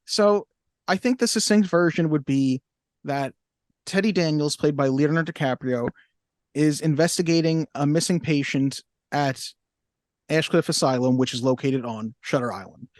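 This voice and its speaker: A man's voice: on the high side, moderate pace, a little mellow, no echo, studio quality. A man co-hosting a film podcast, speaking casually with wry, teasing asides. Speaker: podcast co-host. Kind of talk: casual chat.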